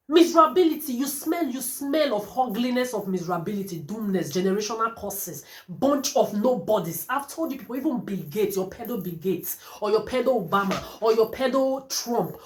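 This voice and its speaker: A woman delivering a defiant, profane rant to camera. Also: a little high. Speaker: vlogger. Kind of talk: angry monologue to camera. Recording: roomy echo.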